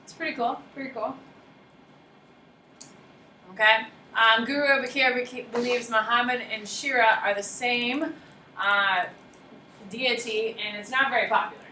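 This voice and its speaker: Bright-voiced woman teacher lecturing. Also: fairly high pitch, steady tone, a little slow, pauses often, echoey room, slight background noise, low-quality recording. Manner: chatty, self-deprecating, asks the class questions. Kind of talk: classroom lecture. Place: classroom.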